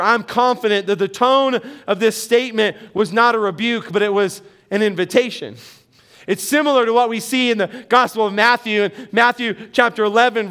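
A man's voice: high-pitched, a bit bright. A middle-aged man preaching a sermon as pastor, earnest and emphatic, with rising bursts of emphasis.

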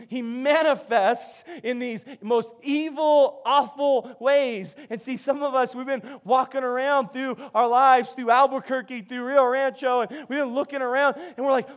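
A man with a notably high voice preaches to his congregation. He tells stories in an animated way, often restarting his phrases as he builds toward his point. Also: unhurried, hardly any pauses. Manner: animated storytelling with many restarts. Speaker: pastor. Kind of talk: sermon.

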